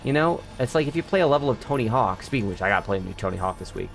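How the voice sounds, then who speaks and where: A man with a gravelly, fry-heavy voice chats loosely while he plays, throwing in casual swears and banter with his viewers. Faint music runs underneath his talk. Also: medium pitch, animated, rapid-fire. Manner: chatty, swears casually, banters with friends and chat. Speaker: streamer. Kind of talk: casual live-stream chat while gaming.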